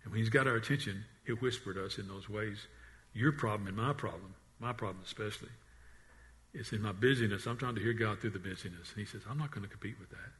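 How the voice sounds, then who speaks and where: A man preaching a sermon in an earnest voice, often repeating and restarting words, and dropping to a hush on the quiet lines. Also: on the low side, fast talker. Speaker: pastor.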